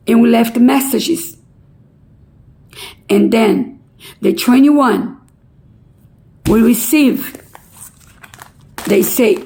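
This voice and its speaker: High, gravelly-voiced woman pleading. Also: a little mellow, rough recording. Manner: impassioned, pleading, halting non-native English. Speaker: relative pleading a court case. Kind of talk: emotional public appeal.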